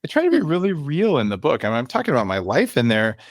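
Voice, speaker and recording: A fast-talking man in his fifties, a biohacking author guesting on a podcast, tells candid stories in an interview. He's animated, acting out the voices in his quotes and shifting pitch for emphasis. The sound is clean studio quality with no room sound.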